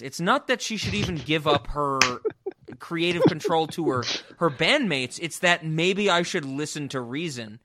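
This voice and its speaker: Animated man chatting about movies. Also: on the high side, moderate pace. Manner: animated, jokey, breaks into loud yelling bits. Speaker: podcast co-host. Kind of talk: casual movie-review chat.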